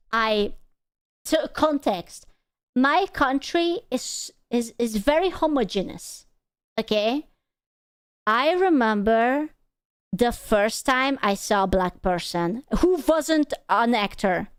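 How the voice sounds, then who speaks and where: A young woman with a high, smooth, clear voice tells a story to her stream as a VTuber. English is not her first language, and she stammers through restarts and swears freely. The sound is dry and close, from a desk mic. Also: no room sound. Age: young adult.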